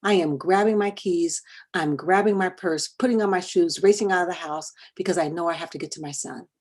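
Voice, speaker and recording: A woman's voice: lowish voice, fairly quick, darkish tone. A middle-aged woman presenting a workshop, telling a personal story in a conversational way and often repeating words. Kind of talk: storytelling talk to parents and educators.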